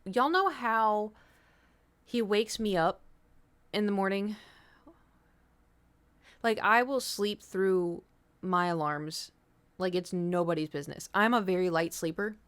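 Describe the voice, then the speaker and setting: A woman's voice: medium pitch, takes it slowly, pauses often, a bit bright, smooth. A woman streamer chatting casually with viewers, telling a rambling story with swearing and the odd whispered aside. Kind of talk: casual chat.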